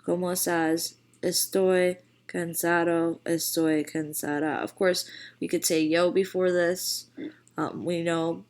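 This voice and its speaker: A woman with a low, gravelly voice walks through a recorded vocabulary lesson. She explains in a casual, chatty way and then slows right down to model each phrase clearly. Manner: slow, deliberate model phrases with casual fillers. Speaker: Spanish teacher.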